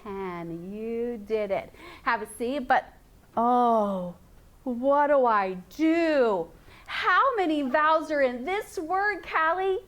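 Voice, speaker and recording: A woman teaching a phonics lesson to young children in a classroom, slow and sing-song, repeating sounds and rules. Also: a little high, lively intonation, a bit bright.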